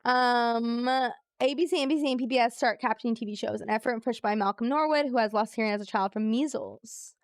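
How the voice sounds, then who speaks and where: A woman's voice: fairly high pitch, fairly quick, no echo, clean studio sound. A woman streaming a trivia game, chatting casually with her viewers, reading clues aloud and laughing easily. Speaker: live streamer. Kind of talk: casual live-stream chat while playing a trivia game.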